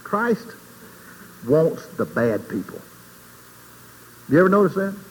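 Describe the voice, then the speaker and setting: A man giving an informal sermon in a folksy, conversational way, asking the audience questions and swinging between quiet asides and loud emphasis. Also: fairly high pitch, sing-song, takes it slowly, slightly rough. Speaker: speaker giving a Christian testimony. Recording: long hall reverb, faint background noise.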